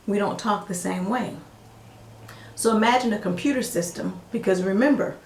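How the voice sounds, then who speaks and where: Gravelly Southern woman teaching. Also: mid-range voice, roomy sound. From American South. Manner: folksy, explains with everyday examples. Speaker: medical coding instructor. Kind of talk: casual teaching monologue.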